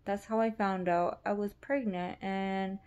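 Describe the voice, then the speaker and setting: A woman's voice: mid-range voice, fairly even intonation, unhurried, darkish tone, clean tone, muffled recording. A young woman talking candidly and rambling with lots of fillers in a casual vlog. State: pregnant. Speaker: vlogger.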